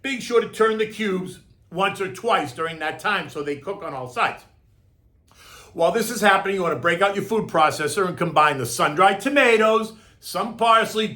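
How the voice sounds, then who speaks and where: A man's voice: sits high, sharp tone. A middle-aged man giving casual market commentary and then a recipe, chatty and emphatic, often asking "right?". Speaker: market commentator and home cook.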